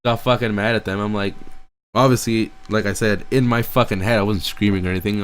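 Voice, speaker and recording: A man's voice: on the low side, animated, moderate pace, slight background noise. A teenage boy delivering a frustrated, rambling venting monologue, swearing constantly as he talks himself in circles. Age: teens. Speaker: streamer.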